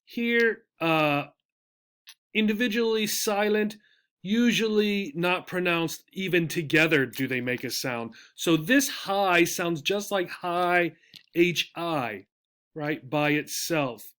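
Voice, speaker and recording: Slow-talking male English teacher. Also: sits high, fairly bright tone, clear, resonant tone. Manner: patient, repeats words slowly, often adds "right?". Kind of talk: slow explanatory lesson.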